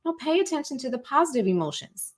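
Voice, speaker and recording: A woman's voice: high-pitched, sing-song, fast talker. Chatty woman coaching listeners. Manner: chatty and encouraging, addresses listeners as y'all and baby; acts out inner thoughts in quoted asides. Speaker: life coach teaching a masterclass. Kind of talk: casual teaching talk.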